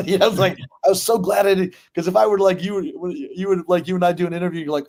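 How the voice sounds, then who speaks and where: A man's voice: high-pitched, fairly even intonation, fast talker, a little mellow. A man being interviewed as a guest actor, telling casual stories full of fillers and swearing. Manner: loose storyteller, lots of fillers and profanity.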